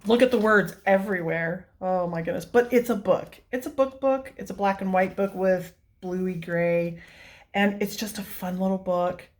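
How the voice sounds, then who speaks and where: Chatty lady coloring vlogger, lots of little oohs and giggles, mid pitch. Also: normal speed. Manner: gushing, chatty, frequent soft exclamations and giggles. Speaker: coloring channel host. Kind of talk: casual vlog, flipping through coloring books.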